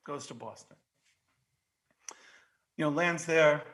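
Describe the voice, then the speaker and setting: A man in his fifties with a New York accent tells stories in a loose podcast chat. His voice sits a little high and sounds bright and forceful. He swears freely and gets loud when the story heats up. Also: takes it slowly. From Queens, New York. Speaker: guest.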